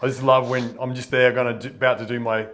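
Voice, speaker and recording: A man co-hosting a casual chat, relaxed and trailing off at the ends of his phrases. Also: medium pitch, fast talker. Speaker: co-host, bodywork therapist.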